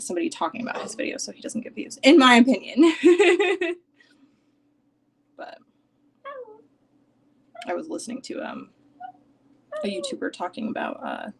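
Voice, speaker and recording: A young woman at her desk at home, talking through a relaxed live stream in a medium-pitched voice. She rambles with plenty of "like" and sometimes sinks to a soft near-whisper. Faint noise sits under her voice. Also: moderate pace, gravelly, pauses often. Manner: chatty and rambling, heavy use of "like". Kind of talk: casual live stream chat.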